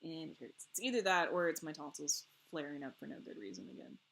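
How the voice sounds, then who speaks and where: A woman chats casually as a co-host on a game stream. Her voice is bright and clear. She rambles in an animated way and laughs often between phrases. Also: low voice, fast talker.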